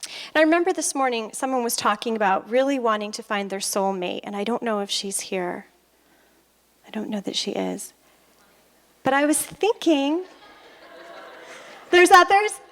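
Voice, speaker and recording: A woman with a high, bright voice gives a motivational stage talk. She tells personal stories with animated energy and slips into the voices of the people she quotes. She sounds middle-aged and speaks easily to a live audience. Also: normal speed. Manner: animated storyteller who acts out conversations and laughs often. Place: stage at an expo.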